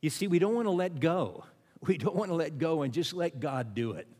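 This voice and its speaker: A man's voice: fairly high pitch, lively intonation, moderate pace, a little mellow, long reverb tail. A man preaching a sermon as pastor, who repeats refrains and asks his listeners questions.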